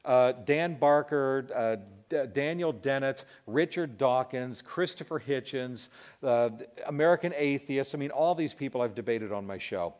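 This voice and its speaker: A man in his fifties, a talk show host, shares a personal testimony in a lively storytelling manner. He acts out sounds and drops in asides to his listeners. His voice sits at an ordinary middle pitch. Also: normal speed. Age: 50s.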